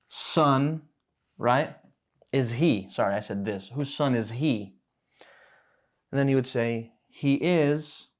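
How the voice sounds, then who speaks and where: Patient man teaching at a whiteboard. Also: mid-range voice. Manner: patient, explains slowly and repeats words. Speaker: Arabic teacher. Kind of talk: classroom lesson at a whiteboard.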